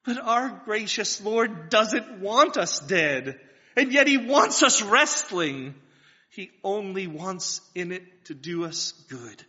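A man's voice: high-pitched, big pitch swings, takes it slowly, bright, forceful tone. A man preaching a sermon, earnest and building to fervent pleas, asking his listeners questions. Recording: dull lo-fi sound with long hall reverb.

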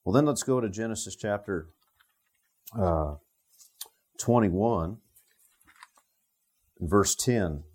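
A man's voice: fairly low pitch, lively intonation, slow, pauses often, darkish tone, husky. A man preaching a Bible sermon, talking it through with the listeners in a conversational way. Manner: conversational, thinking aloud with the listeners. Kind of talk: expository sermon.

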